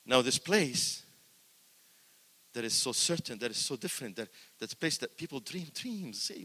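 An older man preaching in a church, his bright, forceful voice ringing through a long hall reverb. He swings from loud, exclaiming peaks to hushed asides and repeats words for emphasis. His pitch sits at an ordinary middle for a man. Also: lively intonation, normal speed, breathy edge. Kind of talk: sermon.

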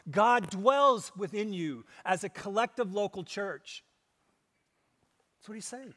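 A male pastor preaching a sermon, pressing hard on key words and then dropping to hushed, low asides. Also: animated, a little slow. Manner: emphatic, swings between loud stresses and hushed low asides. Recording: long hall reverb.

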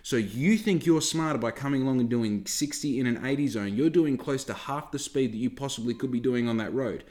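A man's voice: medium pitch, fairly quick, darkish tone. A man hosts a podcast and rants at his listeners. He swears freely and talks to the audience directly in a loose, heated tone. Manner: heavy swearing, ranting, talks straight to listeners. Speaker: podcast host. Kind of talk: casual podcast rant.

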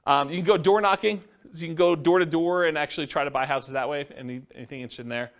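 A man's voice: on the high side, fast talker. A middle-aged man giving a casual, rambling classroom lecture on real estate investing to a live audience. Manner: casual, rambling, self-described introvert. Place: meeting room with a live audience.

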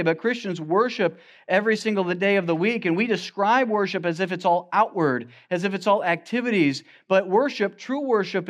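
A man preaching a sermon as pastor, quoting scripture in old-fashioned wording. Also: high voice.

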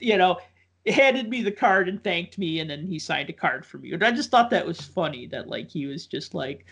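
A man's voice: high voice, expressive, normal speed, gravelly, fairly bright tone, slightly rough. A man telling a long casual story, full of likes, ums and restarts. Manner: rambling, filler-heavy with many likes and ums.

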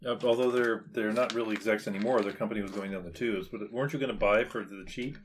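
Low, laid-back man playing a game. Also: steady tone, quick pace, slight background noise. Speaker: player. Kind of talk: casual tabletop game chat.

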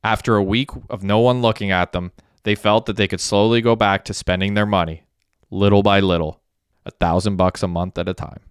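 A man narrating an audiobook in a steady, even reading. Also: lowish voice, a little fast, clear, resonant tone, no room sound, studio quality. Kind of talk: scripted narration.

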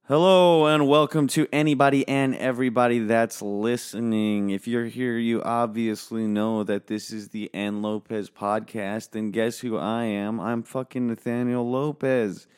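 A man's voice: mid-range voice, little pitch movement, unhurried, few pauses, darkish tone, clean tone. An American man hosting a solo podcast from his office, talking into a microphone in a profane, sarcastic, rambling way. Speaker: podcast host. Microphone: studio microphone.

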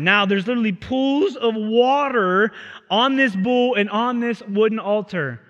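Bright-voiced male pastor preaching. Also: sits high, a little slow, highs cut off. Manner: animated, casual storytelling. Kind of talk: sermon. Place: theatre used as a church. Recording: reverberant theatre hall.

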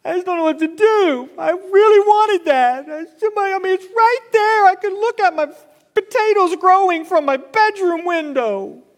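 A man voicing a petulant, sulking king in a high whining voice during a sermon. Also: expressive, moderate pace, long reverb tail. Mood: whiny. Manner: high whining, self-pitying.

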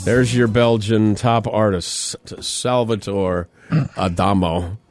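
A man's voice: on the low side, fairly even intonation, slow, no echo, soft background music. A man co-hosting a morning radio show, chatting casually and jokingly with his co-host. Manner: jokey, laughs often, tries silly accents. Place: radio studio.

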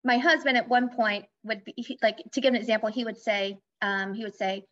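A woman's voice: on the high side, fairly even intonation, brisk, few pauses, a bit bright. A woman life coach in a casual podcast interview, speaking candidly and explaining with personal examples. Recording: dull lo-fi audio.

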